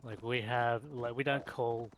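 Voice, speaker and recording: A man's voice: medium pitch, steady tone, a little slow, a bit bright, a little hiss or hum. A man with an Australian accent, co-hosting a casual podcast chat and explaining slang. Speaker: podcast co-host.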